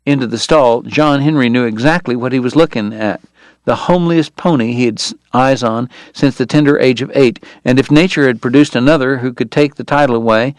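A man's voice: medium pitch, no echo. Male audiobook narrator, dry close read. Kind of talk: scripted narration.

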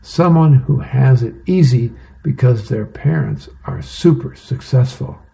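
A man's voice: medium pitch, expressive, measured pace, vocal fry, mellow. A man voicing a know-it-all cartoon big sister explaining things plainly to her brother. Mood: dry.

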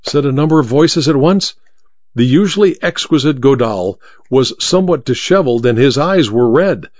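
A man narrating a story as an audiobook reader, with an expressive storytelling manner. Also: medium pitch, normal speed, no room sound. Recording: dull lo-fi dry recording.

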